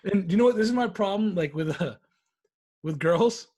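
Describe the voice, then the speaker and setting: Husky, lively young man. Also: high voice, normal speed. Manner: defensive, swearing, laughing. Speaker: podcast co-host. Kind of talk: casual chat.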